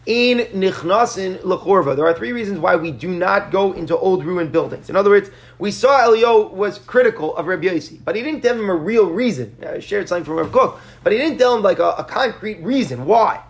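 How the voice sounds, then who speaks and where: A man's voice: high voice, animated, brisk, hardly any pauses. A man teaching a Talmud class, explaining the text earnestly and often restarting his sentences.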